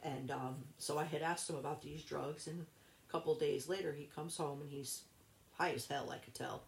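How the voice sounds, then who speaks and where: A woman, a guest in an interview, telling a personal story in a rambling, halting way with many restarts. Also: low-pitched, fairly even intonation, vocal fry, reverberant.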